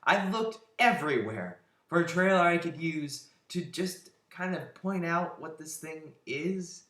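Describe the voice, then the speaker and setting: A man's voice: on the high side, lively intonation, a little slow, fairly bright tone. A man giving a sarcastic, exasperated rant as an online movie reviewer. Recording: roomy echo.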